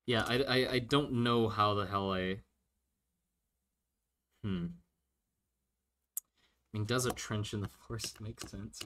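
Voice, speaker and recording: A very deep-voiced man from Germany chats casually as a streamer. He talks hesitantly, stumbling over his words and restarting, with the odd casual curse thrown in. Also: fairly even intonation, takes it slowly, long pauses, fairly bright tone. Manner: hesitant, stammering, casual swearing. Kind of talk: casual chat.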